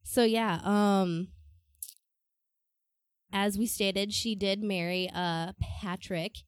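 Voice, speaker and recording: A woman's voice: mid-range voice, steady tone, extremely slow, clear, resonant tone, no echo, clean studio sound. A woman co-hosting a history podcast, telling the story casually with frequent laughs and fillers.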